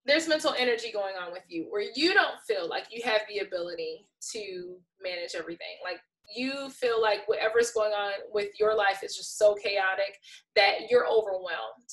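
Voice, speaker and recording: A woman giving a casual tarot reading, playful and exasperated, laughing often and swinging between soft mutters and loud outbursts. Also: medium pitch, normal speed, poor audio. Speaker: tarot reader.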